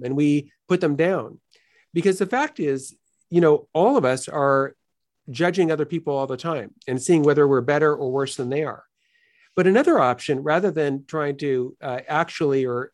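Earnest, higher-voiced man explaining ideas. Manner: earnest, lively teaching tone with frequent "right?". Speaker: guest philosopher. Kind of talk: explanatory interview talk.

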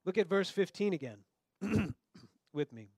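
Man preaching a lively, conversational sermon. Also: sits high, unhurried, creaky, husky, dry recording, studio quality. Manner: conversational, acts out quoted dialogue. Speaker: pastor.

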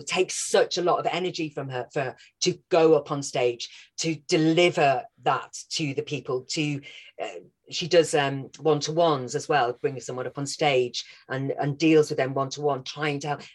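A woman's voice: low-pitched, fairly even intonation, moderate pace. A woman, an actress who is a guest on a podcast, talking earnestly in casual conversation and searching for words as she goes. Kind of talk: casual interview chat.

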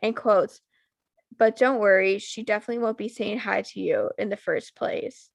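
A woman's voice: medium pitch, steady tone, moderate pace, vocal fry, dry recording. A young woman co-hosting a casual podcast, swearing freely and filling her talk with "like". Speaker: podcast co-host.

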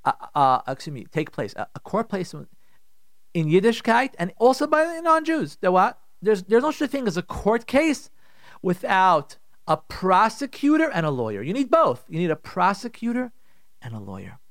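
A man giving marriage advice on a talk radio show, animated and repetitive, acting out people's inner voices. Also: high-pitched, normal speed, no echo, clean studio sound.

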